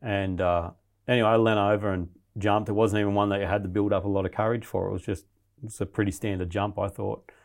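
A man's voice: on the low side, little pitch movement, quick pace. A man, a guest in an interview, telling a story in a blunt, rambling way with heavy swearing.

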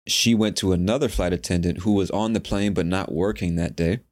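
A man's voice: low voice, steady tone, a little fast, a little mellow. A man hosting a podcast, telling a personal story in a candid, profane way and laughing at himself. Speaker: podcast host. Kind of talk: casual storytelling monologue.

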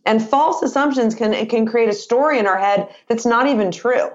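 A woman in her fifties, an author and sales trainer, speaking as an interview guest in an energetic, expressive way and acting out example dialogue. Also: fairly high pitch, moderate pace, muffled recording.

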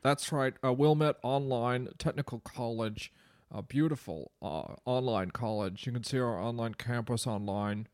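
A man's voice: mid-range voice, darkish tone, no room sound, clean studio sound, close to an everyday voice. A man doing a bumbling professor. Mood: pompous. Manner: rambling, halting, self-important. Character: bumbling male online-college professor. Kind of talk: improvised comedy character.

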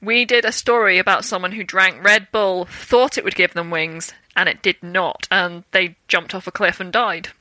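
Young british woman, bright crisp tone, dry close sound, lively storyteller. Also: lowish voice, normal speed, hardly any pauses, dry recording. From Britain. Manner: animated storytelling with acted-out quotes and laughter. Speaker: guest, actor. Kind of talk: casual interview chat.

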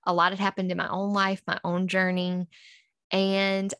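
Woman, podcast guest, earnest storyteller, re-enacts dialogue, fry in the voice, dry close sound. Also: medium pitch, monotone, normal speed, fairly bright tone, no echo. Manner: re-enacts conversations in quotes, earnest. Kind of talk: candid personal storytelling.

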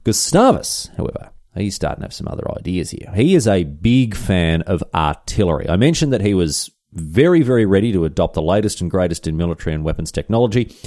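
Man, podcast host, comic history storytelling, very animated delivery, dry close sound. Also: deep voice, fast, hardly any pauses, dry recording. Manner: irreverent, chatty asides and swearing.

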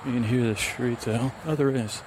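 A man's voice: mid-range voice, steady tone, moderate pace. A man narrating casually while walking a wooded trail near a road, musing and rambling into a handheld recorder. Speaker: vlogger. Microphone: handheld recorder with fuzzy windscreen. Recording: faint outdoor traffic ambience.

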